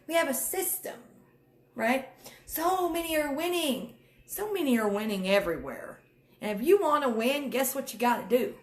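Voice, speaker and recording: A woman vlogs to her viewers in a high, bright voice. She lectures with emphatic repetition and folksy words like honey and y'all. The room around her sounds bare and echoey. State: near tears at times. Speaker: network marketing vlogger. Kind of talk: direct-to-camera pep talk.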